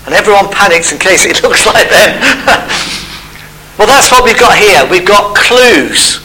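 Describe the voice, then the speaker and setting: A man's voice: high-pitched, animated, a little slow, sharp tone, rough recording. A man preaching a sermon, explaining step by step in a conversational way.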